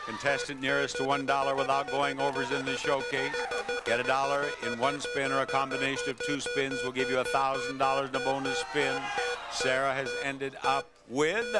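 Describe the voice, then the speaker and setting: A man's voice: mid-range voice, flat delivery, moderate pace, over a noisy crowd. An older man hosting a game show, emphatically calling out numbers and urging contestants on. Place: TV studio. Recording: TV studio with loud audience and music.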